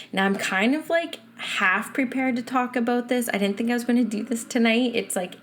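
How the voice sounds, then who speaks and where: Chatty woman hosting a spiritual podcast. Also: fairly low pitch. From Canada. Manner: chatty, earnest, with many fillers like um and you know. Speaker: podcast host and medium. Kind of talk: casual spiritual podcast monologue.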